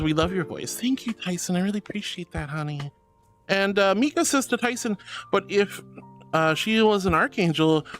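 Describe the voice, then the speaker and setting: A woman talks into a headset mic during a casual live stream, reading out chat messages and answering them. Her delivery is playful, animated and teasingly indignant, and her pitch swings up and down a lot. Faint music plays behind her.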